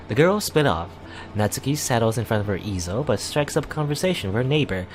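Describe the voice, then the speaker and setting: A man reading a visual novel aloud for a let's play, in a casual way with wry asides and quick self-corrections. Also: medium pitch, expressive, faint music behind.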